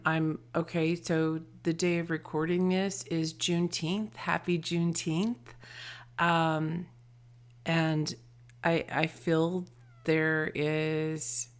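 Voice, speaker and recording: Low slow lady doing a tarot reading, soft and loving, lots of trailing murmurs. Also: level tone, clean tone. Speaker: tarot reader and channeler. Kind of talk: intuitive tarot and charm reading.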